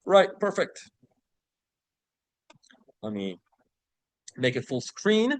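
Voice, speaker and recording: A man leads a vocabulary lesson in a slightly higher-than-average voice. He explains each word, reads example sentences and passages at a careful pace, and keeps asking "right?" to check on his listeners. The sound is dry and close. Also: sing-song, no echo. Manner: slows to read example sentences and passages aloud. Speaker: vocabulary teacher. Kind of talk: online English vocabulary lesson.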